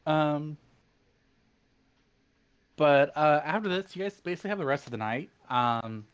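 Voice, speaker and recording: A man narrating as game master of a tabletop game, relaxed, with frequent fillers. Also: on the high side, a little slow, smooth. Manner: relaxed, laughs easily, hesitant fillers.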